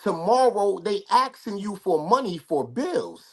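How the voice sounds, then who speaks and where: A man guest in a casual livestream chat, talking in an animated, slangy, emphatic way. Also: sits high, measured pace, crowd noise.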